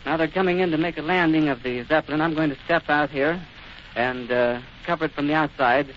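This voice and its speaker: A high-pitched man gives live on-the-scene radio commentary, describing everything vividly and emphatically. He stumbles and restarts his sentences often. The sound is muffled and dull, like a 1930s radio recording with a faint hiss underneath. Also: brisk. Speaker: radio reporter. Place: outdoors at an airfield.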